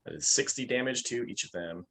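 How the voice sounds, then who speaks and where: A man's voice: medium pitch, lively intonation, a little fast, sharp tone. A man playing in a tabletop game, laid-back and swearing casually. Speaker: player.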